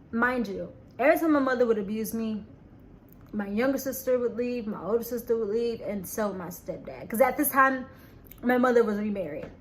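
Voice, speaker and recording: A woman telling a personal story to camera, halting and earnest, repeating words and restarting sentences, often trailing off quietly. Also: fairly high pitch, slight background noise. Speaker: vlogger.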